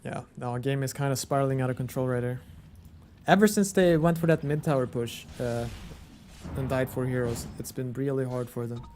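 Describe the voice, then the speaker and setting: A man's voice: medium pitch, fairly quick, a little mellow, slight background noise. A man giving casual color commentary on an esports match, thinking aloud. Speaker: esports analyst co-caster.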